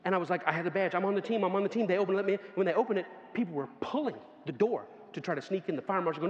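Animated high-voiced male preacher, echoey hall. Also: racing. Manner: animated, laughing storyteller who acts out quoted voices. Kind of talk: sermon with storytelling. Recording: dull, echoey hall sound with faint ambience.

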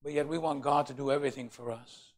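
A pastor preaching a sermon in church, swinging between quiet, low passages and loud, climbing emphasis as he acts out complaining voices. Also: fairly even intonation, fast talker. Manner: preaching with rising shouted emphasis, acting out complainers. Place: church sanctuary.

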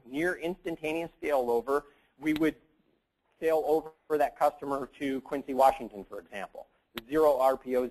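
A man's voice: a little high, rough recording. A man giving a casual, joking conference talk, rambling with lots of fillers and asides. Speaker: conference presenter.

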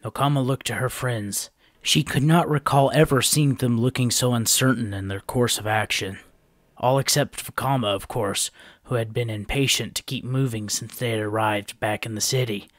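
A man narrating a fantasy storybook chapter in a steady, even reading style. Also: mid-range voice, moderate pace, no room sound. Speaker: audiobook narrator.

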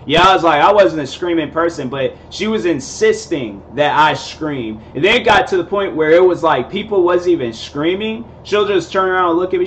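A man's voice: on the high side, expressive, moderate pace, few pauses, a bit bright, a little hiss or hum. A young man in his twenties telling a rambling, casual story, full of fillers and laid-back slang. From Seattle area, USA. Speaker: vlogger host.

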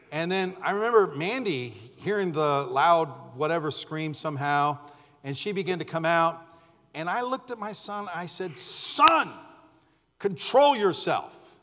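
A middle-aged male pastor preaching in a church, his voice sitting a bit high for a man. He tells stories animatedly and acts out what people said, rising to shouts at the peaks. A long reverb from the sanctuary hangs on his words. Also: expressive, normal speed. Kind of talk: sermon.

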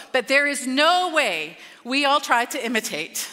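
A woman preaching a sermon in a church, in an animated, conversational way that acts out quotes. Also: on the high side, a little fast, few pauses. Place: church sanctuary. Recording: long reverb of a church hall.

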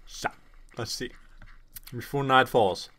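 A man's voice: mid-range voice, slow, pushed and bright. A man with a sore, tired voice giving casual gameplay commentary, rambling to himself and joking at his own expense. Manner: rambling, self-mocking, talks to himself. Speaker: let's play gamer.

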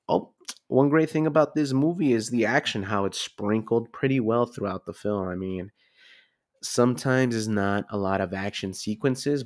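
A man's voice: fairly low pitch, darkish tone, no room sound, studio quality. A man in his twenties rambling casually through a movie review, swearing freely. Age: 20s.

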